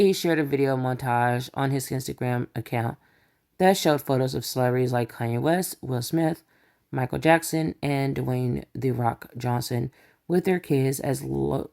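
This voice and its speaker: A woman's voice: very deep voice, moderate pace, creaky, a little mellow. A woman hosting a celebrity gossip channel, reading news quotes aloud and breaking off with sarcastic asides in a casual commentary style.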